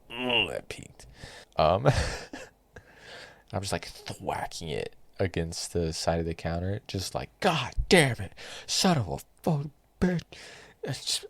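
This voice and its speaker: A young man hosting his own podcast, telling a rambling, animated story with swearing and self-mocking asides. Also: sits low, gravelly, dry recording. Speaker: podcast host. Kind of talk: casual solo podcast storytelling.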